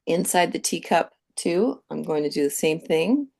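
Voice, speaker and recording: A woman giving a live painting demonstration, calmly explaining each step as she thinks aloud. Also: low-pitched, moderate pace, gravelly. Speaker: painting instructor.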